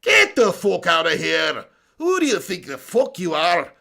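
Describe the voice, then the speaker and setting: A man's voice: high-pitched, wildly swooping pitch, measured pace, gravelly, sharp tone, full character voice. A man voicing a cocky young fighter, brash and swaggering.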